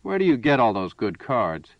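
A man voicing a smooth, menacing male card sharp aboard a spaceship, hearty and boastful, then cold and purring, on a dull, dry recording. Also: medium pitch, sing-song, normal speed, no room sound.

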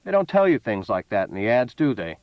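A man voicing a smooth, menacing male card sharp aboard a spaceship, hearty and boastful, then cold and purring, on a dull, dry recording. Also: medium pitch, very animated, fairly quick, no room sound.

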